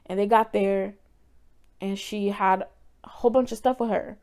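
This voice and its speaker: A woman's voice: mid-range voice, steady tone, normal speed, dark tone. A young woman vlogger telling a painful personal story in a candid, emotional way, sometimes swearing.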